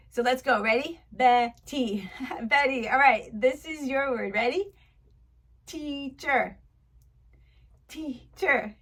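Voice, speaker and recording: A woman's voice: fairly high pitch, a bit bright, husky. A woman teacher running a mock lesson for young children, upbeat and encouraging, full of exaggerated praise. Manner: chatty and candid when talking to her viewers. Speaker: teacher applying as online tutor.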